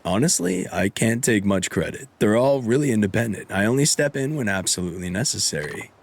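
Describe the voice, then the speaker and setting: A man voicing a calm, firm adult guardian in a game. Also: fairly low pitch, fairly quick, slight background noise. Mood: steady.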